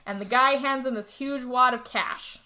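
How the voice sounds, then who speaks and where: A young woman tells a film's story to a co-host in loose, casual chat. Her voice is bright and forceful. She swears freely and slips into quick impressions of the characters. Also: sits high. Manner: animated storytelling, swearing, acts out character lines. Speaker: podcast co-host recapping a movie.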